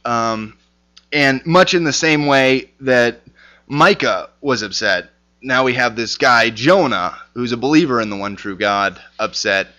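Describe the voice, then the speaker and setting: A man's voice: mid-range voice, lively intonation, a little slow, pushed and bright. A man teaching a casual Bible lesson, talking conversationally with lots of fillers and restarts.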